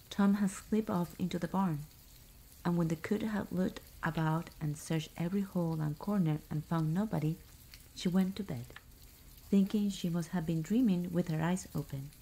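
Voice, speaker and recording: A woman reading a fairy tale aloud as a whispered ASMR bedtime story, soft and hushed. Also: fairly low pitch, low-quality recording.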